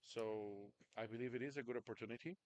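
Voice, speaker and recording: A man's voice: medium pitch, fast talker, dry recording. A man giving a video-call coaching session, talking casually and often checking in with his student. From United States. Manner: chatty, keeps checking in with "right?" and "understand?". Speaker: communication coach.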